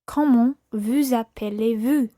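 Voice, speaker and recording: Female co-presenter, higher mellow voice, dry studio. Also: a little slow, no room sound. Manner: clear repetition of model phrases. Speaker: co-presenter repeating phrases.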